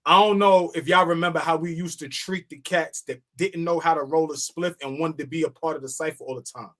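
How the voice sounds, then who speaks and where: A New host leads a casual podcast chat. He teases his co-host in street slang and laughs often. His voice sits a little high for a man. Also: fairly even intonation, fairly quick, fairly bright tone. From New York (Queens).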